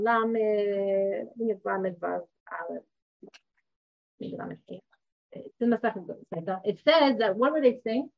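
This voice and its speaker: In a dull, lo-fi recording, a woman in her thirties teaches Torah to a group in an informal, conversational style. She frequently pauses to ask her listeners questions, and her voice sits a bit high.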